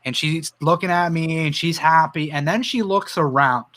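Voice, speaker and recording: Man from Canada, high voice, livestream host, earnest and emotional, personal stories. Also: normal speed, bright, forceful tone, a little hiss or hum. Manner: reads viewer comments aloud. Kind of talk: impassioned livestream commentary.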